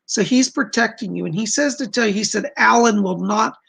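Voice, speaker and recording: Gravelly-voiced man giving psychic readings. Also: high voice, a little fast. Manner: reads viewer questions aloud then relays spirit messages; gentle, reassuring, calls people darling. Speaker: psychic medium doing live chat readings. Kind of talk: live stream chat readings.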